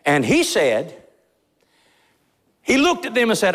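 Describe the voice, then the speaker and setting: A man's voice: high voice, wildly swooping pitch, slow pace, a bit bright. A pastor preaching a sermon in a church, fiery and emphatic, pressing his points with rising intensity. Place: church sanctuary. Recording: long reverb of a large church hall.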